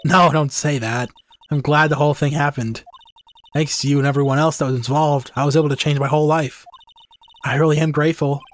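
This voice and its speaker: A composed young woman in charge of an exhibition, as a man puts her on in a game playthrough. She speaks in calm, measured, polite sentences. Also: on the high side, faint music behind, lightly acted. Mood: earnest.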